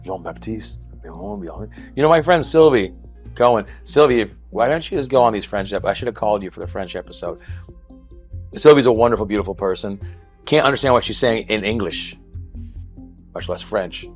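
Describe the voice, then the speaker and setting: A man's voice: on the low side, fairly quick, faint music behind. Wisecracking man co-hosting a podcast. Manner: wisecracking, teasing, offhand asides. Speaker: podcast co-host. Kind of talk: casual joking chat.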